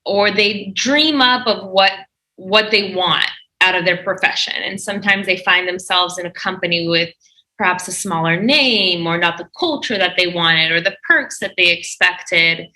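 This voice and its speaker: A woman's voice: lowish voice, normal speed, pushed and bright, rough recording. A woman interviewed as a guest on a podcast, giving earnest, encouraging career advice.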